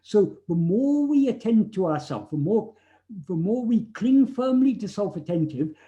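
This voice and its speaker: A man with a fairly high voice and a dark, mellow tone explains things carefully and earnestly. He often repeats himself and restarts with fillers. The sound is muffled, as on a video call. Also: very animated, measured pace. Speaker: speaker answering questions on spiritual teachings. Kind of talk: thoughtful explanatory talk over a video call.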